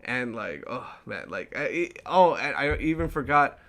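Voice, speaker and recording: A man's voice: mid-range voice, big pitch swings, a little slow, creaky, a bit bright. A young man hosting a casual chat show, rambling with fillers and restarts and laughing often. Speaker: podcast host.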